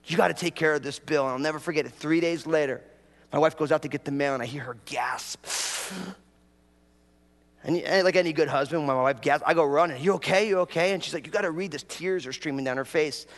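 A man preaching a humorous sermon, his voice sitting high for a man. He tells stories with energy and jumps into acted-out prayers and asides. The sound carries a long hall reverb. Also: fairly quick. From New York. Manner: animated storytelling, acts out prayers in a raised voice. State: a bit dehydrated after travel. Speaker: pastor.

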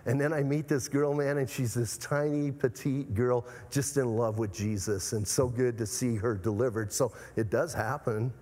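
A pastor from Arizona preaching a sermon in an emphatic manner, repeatedly urging the congregation to listen. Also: male voice, medium pitch, fairly even intonation, moderate pace, hardly any pauses, darkish tone. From Arizona, USA. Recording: long hall reverb.

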